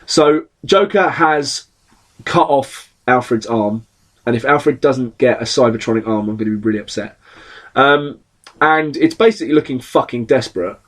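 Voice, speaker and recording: A man hosting a podcast, chatting casually about comic books, animated and swearing often as he acts out characters' lines. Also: medium pitch, normal speed. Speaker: podcast host. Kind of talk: casual comic book chat.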